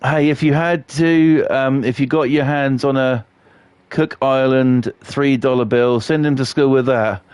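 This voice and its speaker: A man's voice: mid-range voice, steady tone, unhurried, a little mellow, clear, resonant tone, no room sound, dull audio. Sweary man telling stories. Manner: sweary, rambling and laughing at his own stories. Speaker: live streamer. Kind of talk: casual storytelling while playing a game live.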